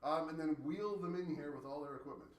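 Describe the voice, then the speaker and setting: A man from Canada teaching a high school science class, explaining with playful, joking analogies. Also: fast. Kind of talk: classroom lecture. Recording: echoey classroom from far off.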